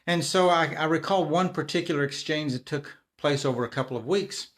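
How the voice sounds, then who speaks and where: A man's voice: on the high side, brisk, fairly bright tone. A middle-aged man hosting a live video, talking casually and informally with frequent restarts and repeated words. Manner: conversational, frequent restarts and repetitions. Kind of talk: casual talk to camera.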